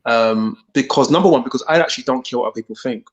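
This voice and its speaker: A man chatting casually as a podcast guest, speaking hesitantly with pauses and restarts. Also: mid-range voice, muffled recording. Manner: hesitant, many fillers and restarts. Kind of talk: casual chat.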